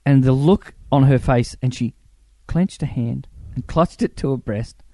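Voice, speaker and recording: A middle-aged man, a former film crew member, telling lively anecdotes in a casual interview and acting out the voices of the people he quotes. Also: medium pitch, a little slow, no echo.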